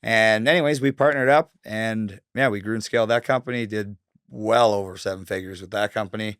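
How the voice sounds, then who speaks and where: A man's voice: fairly low pitch, steady tone, a little fast, fairly bright tone, clear, resonant tone, no echo, clean studio sound. Man telling a laid-back story. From Northern Canada. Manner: laid-back, heavy swearing, fillers like "like". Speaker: podcast guest. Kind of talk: casual storytelling.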